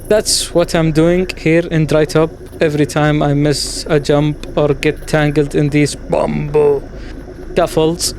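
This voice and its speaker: A man's voice: fairly high pitch, darkish tone, a little hiss or hum. A man hosting a gaming channel, talking over his gameplay in a reflective, musing way, with the odd playful exclamation.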